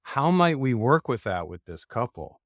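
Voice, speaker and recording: A man hosts a podcast interview, his voice sitting mid-range for a man. He builds a clinical example step by step in a measured, methodical way. The recording is dry and close. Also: medium pitch, sing-song, dry recording. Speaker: podcast host.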